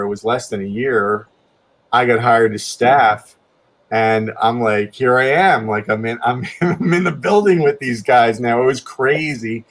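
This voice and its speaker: A man of ordinary pitch spins a long anecdote in a relaxed chat. He circles back and restarts often, and his voice climbs sharply whenever he acts out his own reactions. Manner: rambling, many restarts, pitch jumps up when quoting himself. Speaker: guest artist telling a story. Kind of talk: casual storytelling chat.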